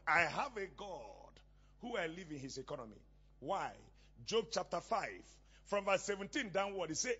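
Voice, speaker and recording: A male pastor preaching a sermon, asking questions and having the congregation call back the missing words, often rising to shouts. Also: high-pitched, very animated, moderate pace, breathy edge, lo-fi sound.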